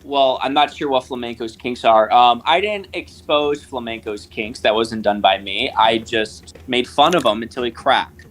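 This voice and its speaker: A man arguing as a guest on a live stream, combative and mocking, firing sharp jabs back at the host. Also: medium pitch, moderate pace, hardly any pauses, low-quality recording. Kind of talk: heated live-stream argument.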